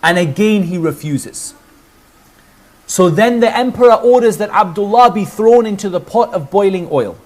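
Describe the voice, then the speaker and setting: A man's voice: high voice, lively intonation, moderate pace. A man preaching as he tells a religious story in earnest narration, with rhetorical questions to his listeners. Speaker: Islamic preacher.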